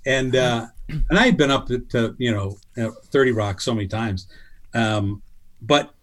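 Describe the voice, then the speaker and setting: A middle-aged man telling a lively story in casual chat, acting out what people said in a higher voice. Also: moderate pace. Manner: animated, acts out quotes in a higher voice. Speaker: guest storyteller. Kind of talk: casual anecdote on a podcast.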